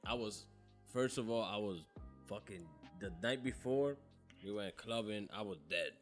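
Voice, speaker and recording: A man telling a story in casual chat, loud and laughing, swearing a lot with slang, from South Florida. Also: lowish voice, normal speed, soft background music.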